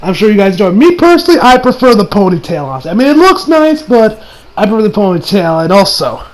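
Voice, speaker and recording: A young man giving a casual, rambling episode recap as an anime reviewer, excitable and swearing freely, with lots of "you know". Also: sits high, quick pace, poor audio.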